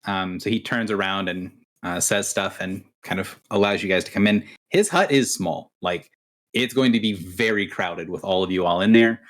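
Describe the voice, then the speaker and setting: A man's voice: low voice, moderate pace, a bit bright. A man running a tabletop game as game master, chatty and often restarting his sentences. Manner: chatty, hesitant with fillers and restarts.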